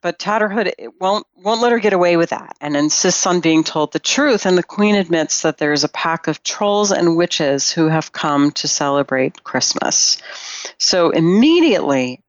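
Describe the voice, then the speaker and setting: A woman's voice: fairly low pitch, expressive, normal speed, dry recording, highs cut off. A woman guest on a podcast, a Jungian analyst, retelling a fairy tale in a thoughtful way with frequent fillers.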